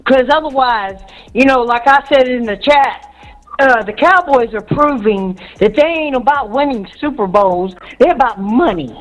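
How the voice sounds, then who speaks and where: A woman calling into a sports talk show, ranting in a fired-up way and shouting for emphasis. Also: fairly high pitch, expressive, moderate pace, lo-fi sound, soft background music. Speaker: caller. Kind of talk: heated call-in rant.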